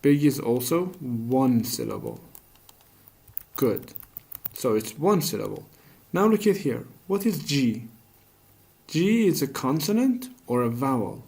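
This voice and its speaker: A man's voice: mid-range voice, wildly swooping pitch, slow pace, vocal fry, long pauses, darkish tone. A man teaching a grammar lesson, speaking patiently and asking questions that he then answers himself. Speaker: English teacher.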